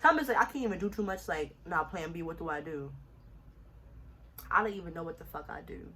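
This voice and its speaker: A young woman from New City, telling a story in a casual, animated and profane way. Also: fairly low pitch, fairly quick, recorded from a distance, slight background noise. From New York City. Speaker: storytime vlogger.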